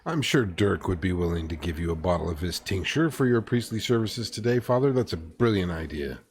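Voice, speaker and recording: A man with a very deep voice in a tabletop role-play session, delivering lines in a dry, sarcastic tone. A faint hiss of noise sits under his voice. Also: lively intonation, a little fast. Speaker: player.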